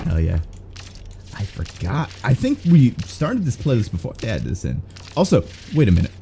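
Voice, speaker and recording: A man's voice: lowish voice, wildly swooping pitch, slow pace, pauses often, mellow, a little hiss or hum. A young man doing casual, rambling live-stream gameplay commentary, swearing and self-mocking. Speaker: game streamer.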